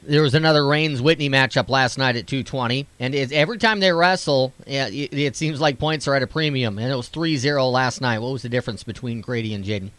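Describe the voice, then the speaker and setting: Conversational radio sports host, dry sound. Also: male voice, mid-range voice, quick pace, hardly any pauses, a bit bright, no echo. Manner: conversational, leading questions with recaps. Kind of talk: radio interview.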